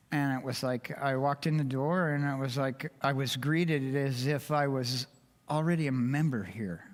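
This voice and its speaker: Older man, slightly high voice, heartfelt and emotional testimony, echoing church hall. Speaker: church member giving a testimony. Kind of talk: personal testimony to a congregation. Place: church sanctuary. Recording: long reverb of a church hall.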